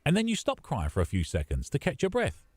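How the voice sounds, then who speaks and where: Wry British game narrator. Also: male voice, on the high side, huge pitch swings, fast, darkish tone, no room sound. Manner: dry, playful storybook narration. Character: wry adult male storybook narrator of a game. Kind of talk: scripted narration.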